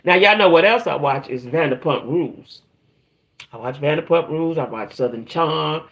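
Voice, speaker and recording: A woman with a deep voice, speaking at normal speed, hosts a casual livestream for her reality TV talk channel. She rambles chattily, addresses her viewers directly, and trails off while hunting for names.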